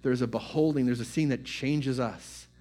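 A man's voice: medium pitch, normal speed, mellow. A male pastor giving a conversational sermon, repeating phrases and building emphasis with informal asides.

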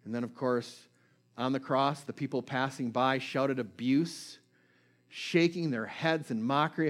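A man's voice: mid-range voice, fairly even intonation, measured pace, a bit bright. A man preaching a sermon in a conversational way, checking in with listeners and retelling scripture stories with feeling.

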